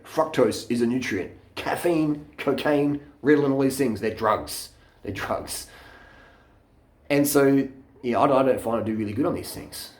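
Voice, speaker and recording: A man's voice: medium pitch, darkish tone, echoey room. Blunt, swearing man ranting. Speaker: fitness vlogger. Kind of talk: profane off-the-cuff rant. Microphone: handheld camera.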